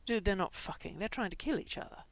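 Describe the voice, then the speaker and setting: A woman's voice: medium pitch, fast talker, natural voice. Woman voicing a guarded, laid-back young man. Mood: offhand. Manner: flat, offhand, fake casual.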